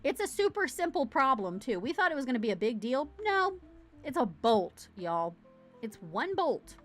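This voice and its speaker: Bubbly woman rambling on her home livestream, voice kinda high, faint music going. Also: big pitch swings, moderate pace. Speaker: livestream host. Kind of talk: casual live-stream chat.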